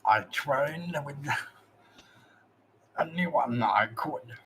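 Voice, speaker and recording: Man doing a grave, slow-speaking orc champion. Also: fairly high pitch, lively intonation, creaky, a bit bright, breathy edge, full character voice, poor audio. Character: solemn proud male orc champion.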